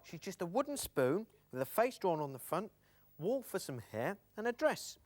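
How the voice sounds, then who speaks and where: A man's voice: high voice, very animated, normal speed, a little mellow. A man presenting a children's TV show, playful and patient.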